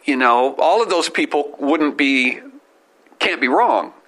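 Bright-voiced rambling comedian man. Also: a little high, expressive, a little hiss or hum, rough recording. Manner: rambling storyteller, quick self-corrections. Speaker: comedian and podcast host. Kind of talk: casual family podcast chat.

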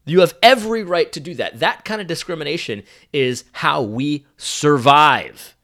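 A young man giving a sarcastic, animated opinion monologue full of restarts. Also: a little high, moderate pace. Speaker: commentator.

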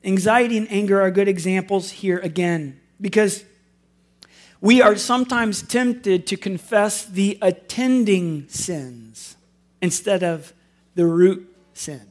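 Taking it slowly in a high-pitched voice, a pastor who is an adult with school-age children delivers a sermon. His manner is earnest and conversational, sprinkled with wry jokes at his own expense.

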